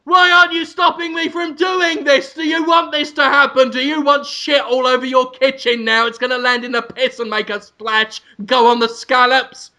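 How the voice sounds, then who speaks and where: A man doing a comic impression of a furious, foul-mouthed celebrity TV chef, ranting and yelling insults. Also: very high voice, expressive, moderate pace, pitched above the performer's own voice, full character voice.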